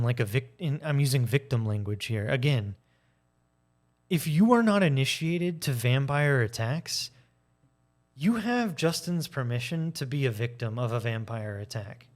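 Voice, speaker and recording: A man giving a casual personal monologue, candid and animated, acting out arguments in changing voices and swearing now and then. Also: medium pitch. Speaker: video essayist.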